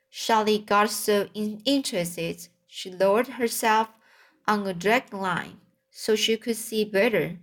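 A woman narrating a children's storybook aloud, reading carefully with occasional slips and restarts. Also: mid-range voice. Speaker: audiobook reader.

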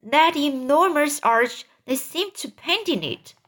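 A curious, brave young boy from a storybook, as a woman reads him, often speaking in an urgent hush. His voice sits a little higher than the narration. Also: lively intonation, takes it slowly, full character voice. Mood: earnest.

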